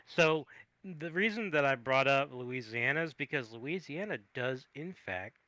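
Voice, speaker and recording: A young man co-hosting a podcast in casual chat, animated and jokey. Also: mid-range voice, unhurried, no room sound. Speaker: podcast co-host.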